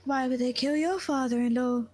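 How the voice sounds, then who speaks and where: A woman voicing an eerie young female seer who speaks in a soft, formal and cryptic way, in a tabletop game. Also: high-pitched, steady tone, moderate pace, faint music behind, voice pushed up. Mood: solemn.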